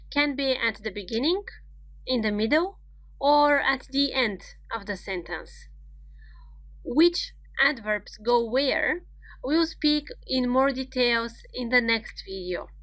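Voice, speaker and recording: A woman's voice: a little high, bright, forceful tone, no echo, poor audio. A woman teaching grammar in an online lesson, explaining step by step and reading out example sentences.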